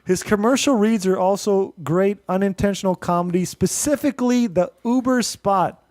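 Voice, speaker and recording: Podcast host, man, mixed Indian-American accent, high voice, loose rambling delivery with laughs. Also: moderate pace, a little mellow, dry recording. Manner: rambling, laughs often, restarts and fillers. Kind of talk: casual podcast chat, reading listener reviews.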